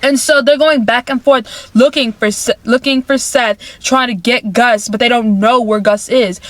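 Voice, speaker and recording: Chatty higher-voiced woman vlogger. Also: fairly even intonation, moderate pace, fairly bright tone, no room sound. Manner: chatty, repeats phrases, many "like" fillers. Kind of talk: casual movie recap.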